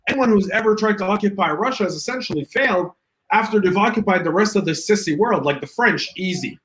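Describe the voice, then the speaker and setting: A man with a slightly raised pitch co-hosts a casual online talk show. He reads viewer comments aloud and answers them with quick, opinionated remarks and a joking edge. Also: lively intonation, fairly bright tone, low-quality recording. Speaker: podcast co-host.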